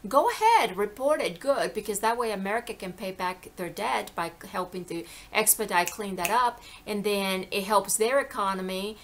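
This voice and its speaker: A woman talks straight to the camera in a loose, rambling monologue with a bright, forward tone. She stays animated, wanders from point to point, and keeps dropping into little voices for the people she quotes. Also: mid-range voice, moderate pace, hardly any pauses, a little hiss or hum. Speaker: vlogger. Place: lives in the American South.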